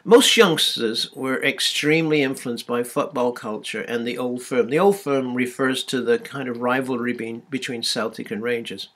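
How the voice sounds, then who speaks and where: A man's voice: medium pitch, moderate pace, hardly any pauses, a bit bright, breathy edge. Man lecturing hesitantly, full of ums. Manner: hesitant, many ums and restarts. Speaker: university lecturer. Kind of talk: recorded university lecture.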